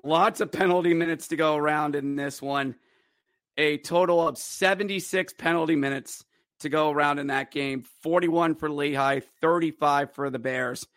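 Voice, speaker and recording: A man hosting his own hockey podcast, recapping games in an animated, joking way and breaking into loud shouts. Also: fairly high pitch, moderate pace, dry recording, studio quality. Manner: excitable, jokey, acts out players' voices with sudden loud shouts. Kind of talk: animated solo sports recap.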